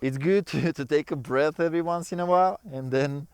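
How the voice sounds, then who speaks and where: Chatty man with a smooth voice. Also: a little high, brisk, dry recording. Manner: relaxed, chatty, non-native phrasing. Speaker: ukulele teacher. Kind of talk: casual tutorial explaining.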